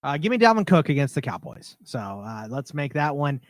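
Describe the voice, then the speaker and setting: A man's voice: on the high side, very animated, a little fast, dry recording, clean studio sound. A man co-hosting a fantasy football podcast, talking casually and joking about picks. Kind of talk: casual sports talk.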